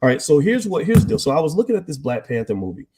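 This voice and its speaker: Husky-voiced man preaching to a live chat. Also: a little high, sing-song, racing, dark tone. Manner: emphatic and preachy, with many rhetorical questions; talks straight to a live chat audience. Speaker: live-stream host. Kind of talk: live-streamed commentary.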